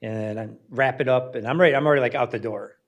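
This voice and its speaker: A man's voice: mid-range voice, fast talker, highs cut off. A middle-aged man from Northern Michigan hosting a talk, telling a story in a loose, conversational way, acting out the dialogue and poking fun at himself. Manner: conversational, self-deprecating, acts out dialogue with fillers. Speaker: museum educator and panel host.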